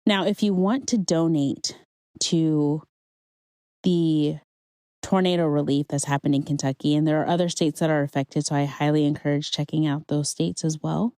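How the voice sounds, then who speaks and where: This woman hosts her own podcast and gives an earnest, conversational testimony about her faith, urging listeners on. Her low, dark voice holds a steady tone at normal speed, with no echo.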